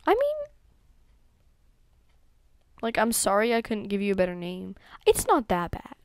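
A young gaming YouTuber gives chatty gameplay commentary, talking to herself and her horses with lots of ums and whispered asides. Her mid-range voice is smooth and a little fast, recorded at studio quality with no echo.

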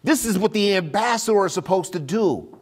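Preacher man with a lively swinging pitch. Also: brisk, slightly rough. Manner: swings from loud emphatic reading to hushed near-whisper. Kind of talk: sermon.

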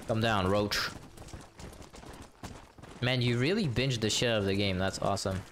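A man's voice: fairly low pitch, lively intonation, slow, long pauses, a little hiss or hum. A man casually commenting while he plays a game live, chatty and profane, answering his viewers as he goes. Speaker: game streamer. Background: game music and horse hooves.

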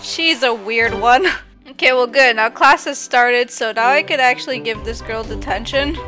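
A woman's voice: fairly high pitch, normal speed, bright, forceful tone, soft background music. A woman giving playful, teasing commentary while she plays a game, giggling often and reading other players' chat aloud in mocking voices. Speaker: gaming video creator.

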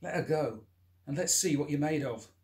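A man's voice: fairly high pitch, normal speed, a little mellow, roomy sound, voice pushed up, lightly acted. A man reading aloud and voicing a frightened but defiant drunk man who tries to sound tough. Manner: strained, pushing himself to sound tough.

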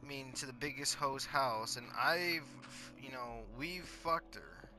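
Teen guy, crude rambling storyteller, bright voice, faint music underneath. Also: medium pitch, a little slow. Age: teens. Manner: rambling and crude, heavy on fillers and profanity.

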